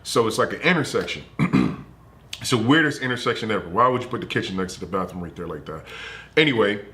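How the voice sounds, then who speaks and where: A man streaming from home, telling a family story in a loose, animated and profane way. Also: on the low side, fast talker. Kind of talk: casual storytelling.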